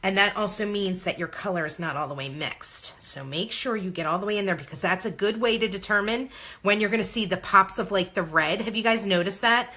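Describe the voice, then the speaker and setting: A woman's voice: mid-range voice, a little fast, bright, forceful tone. A woman in her thirties hosting a casual crafting tutorial, bubbly and exclamatory as she chats to viewers while she works. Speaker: craft video host.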